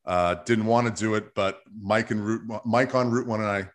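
A man's voice: fairly low pitch, steady tone, normal speed. A man hosting a podcast, running segments in a loose, joking way with some swearing. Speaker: podcast host. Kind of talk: casual podcast chat.

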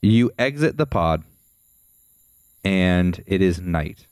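A man with a very low, mellow voice narrates a tabletop game as game master. His tone is smooth and clean, set in a dry room with no echo. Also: expressive. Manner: descriptive, measured storytelling.

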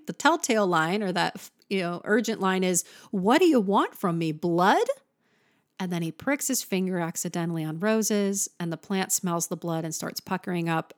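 A woman's voice: fairly low pitch, no echo, clean studio sound. A woman giving a casual, enthusiastic music lesson, breaking into sung examples now and then. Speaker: music teacher.

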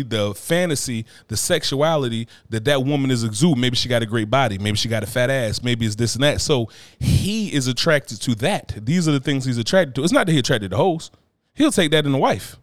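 Blunt, profane man talking fast. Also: mid-range voice, no room sound, studio quality. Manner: blunt, profane, animated, repeats "you know what I mean". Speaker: podcast co-host. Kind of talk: casual chat.

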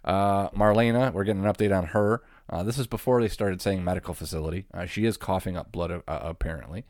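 A man's voice: deep voice, quick pace, a little mellow, no echo, studio quality. A man co-hosting a casual talk show, recapping events in a rambling way with frequent laughs and casual swearing. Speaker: podcast co-host.

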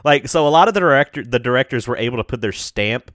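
A man chatting casually on a podcast, excitable and loose with slang. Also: medium pitch, fast, no room sound, studio quality. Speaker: podcast co-host. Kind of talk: casual chat.

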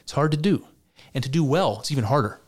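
A man's voice: mid-range voice, lively intonation, quick pace. A man giving casual spoken commentary on clips, argumentative and wry, with frequent restarts and mock laughter.

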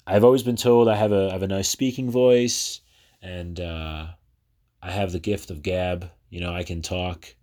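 A very low-pitched man in his thirties, originally from New Jersey, talks through his own podcast alone. He rambles in a casual, chatty way, often stopping on fillers and starting sentences over. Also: fairly even intonation, normal speed, darkish tone. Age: 30s. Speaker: podcast host. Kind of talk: casual personal podcast monologue.

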